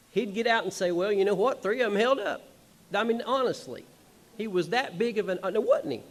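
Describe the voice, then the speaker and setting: A man speaking on a concert hall stage, telling family stories in a folksy, rambling, emotional way with small chuckles. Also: sits high. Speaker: son of the honored musician, speaking at a tribute show. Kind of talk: personal stage speech.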